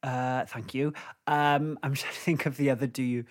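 A man as a guest on a podcast quiz, chatty and thinking out loud with fillers and playful asides. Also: mid-range voice, steady tone, moderate pace. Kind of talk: casual quiz chat.

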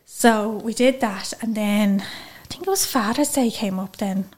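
A woman with an Irish accent, a guest telling a personal story in a lively, chatty way. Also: medium pitch, a little slow. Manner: chatty, lively, acts out quoted speech. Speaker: interview guest.

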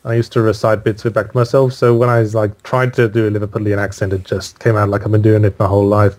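A man from the United Kingdom, an author speaking as a guest in a casual interview, dry and self-deprecating, speaking in quick bursts. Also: fairly low pitch, little pitch movement, darkish tone.

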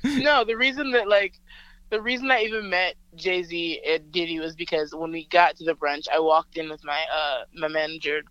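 A woman from Alabama, a rapper and guest, telling a story over a phone call in a lively, chatty way, laughing often and using lots of filler words. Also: low-pitched, moderate pace, smooth, dry recording.

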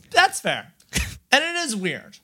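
A man's voice: very high voice, pushed and bright, breathy edge. A man co-hosting a podcast in casual chat, rambling and restarting his sentences, laughing often. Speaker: podcast co-host.

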